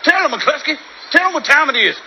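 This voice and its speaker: Bossy loud army sergeant, gravelly, bright, swings all over the place. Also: male voice, very high-pitched, animated, a little fast, slight background noise, exaggerated voice, rough recording. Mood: fed-up. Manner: shouting and bossy. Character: loud, swaggering male army sergeant in a war comedy. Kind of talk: comedy film acting.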